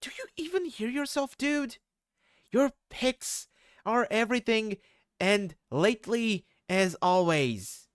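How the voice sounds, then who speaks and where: A sardonic, laid-back teenage boy who trades mocking, profane jabs, as a man voices him. His pitch sits high and jumps around. The sound is dry and close. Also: expressive, slow pace, smooth, no echo.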